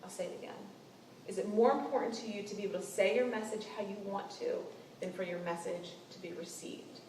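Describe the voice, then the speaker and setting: A young adult woman giving a casual seminar talk to a team about client relations, conversational and animated. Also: mid-range voice, fairly quick. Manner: conversational, animated, acts out quoted lines. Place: meeting room with an audience. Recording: roomy room sound, distant mic, faint noise.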